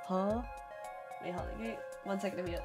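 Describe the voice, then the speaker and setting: Excitable woman streamer, casual profane chat over faint music. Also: medium pitch, a little fast. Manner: excitable, swearing, laughing. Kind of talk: casual gameplay commentary.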